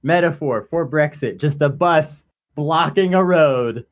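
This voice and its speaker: A man co-hosting a podcast, talking in a relaxed casual way, leaning heavily on "like". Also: on the high side, measured pace, dull audio. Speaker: podcast co-host. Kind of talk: casual political chat.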